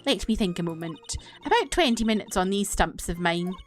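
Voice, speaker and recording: A woman's voice: mid-range voice, animated, normal speed, faint music behind, lightly acted. A woman voicing a fussy elderly nun witness in a game, with a put-on Canadian-style accent. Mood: folksy.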